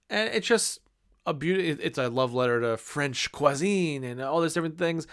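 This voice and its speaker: A man's voice: a little high, brisk, fairly bright tone. A man in his thirties giving a casual movie review, enthusiastic and rambling with many fillers.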